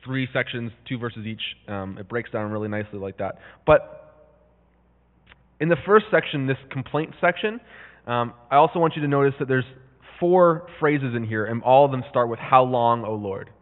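A man's voice: medium pitch, moderate pace. A man giving a casual Bible teaching, talking conversationally with lots of fillers and restarts and reading scripture aloud with rising intensity. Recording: tinny, phone-like sound in a reverberant hall.

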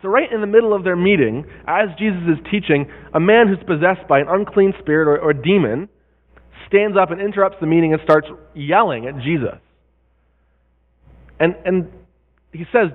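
A man's voice: high-pitched, moderate pace. Male pastor, sermon delivery, explanatory tone that checks in with listeners; tinny phone-band sound, long reverb. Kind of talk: sermon teaching on a Bible passage.

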